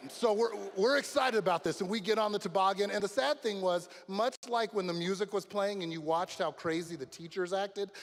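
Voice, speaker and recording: A man giving a graduation speech as a lively story, shouting the exciting parts. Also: high voice. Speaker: graduation speaker. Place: large graduation venue. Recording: long reverb of a large hall.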